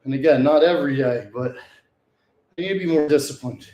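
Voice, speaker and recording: A man's voice: a little high, fairly quick, dark tone, reverberant, muffled recording. A man talking to the camera during a gym workout, casual and profane, hyping himself up between sets and now and then short of breath. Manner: profane, hyped self-talk between sets. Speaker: fitness vlogger. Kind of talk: casual workout vlog talk.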